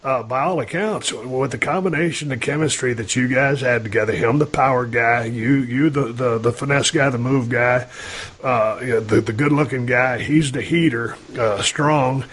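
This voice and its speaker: A man's voice: medium pitch, normal speed, a bit bright. A man interviewing on a podcast, asking long-winded, enthusiastic questions.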